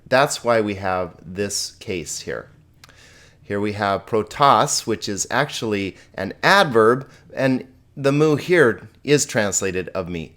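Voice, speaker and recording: A man teaching a recorded grammar lesson, friendly, repeating forms slowly and asking students questions. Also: mid-range voice. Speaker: Greek teacher.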